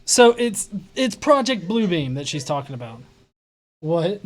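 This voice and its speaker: A woman's voice: on the low side, very animated, unhurried. Sarcastic woman hosting a reaction stream. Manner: sarcastic, incredulous, swears and laughs. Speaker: reaction show host. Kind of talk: mocking live-stream commentary.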